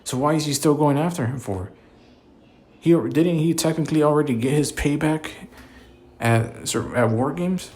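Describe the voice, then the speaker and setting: A man's voice: on the high side, moderate pace, a little mellow. A man delivering a casual, exasperated opinion rant as a commentator, full of filler words, restarts and cursing. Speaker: wrestling commentator.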